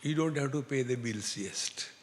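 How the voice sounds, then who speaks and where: A man speaking English with an Indian accent, giving a spiritual discourse as a teacher, telling humorous stories slowly and chanting Sanskrit verses. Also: mid-range voice. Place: lecture hall with an audience. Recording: long hall reverb, faint noise.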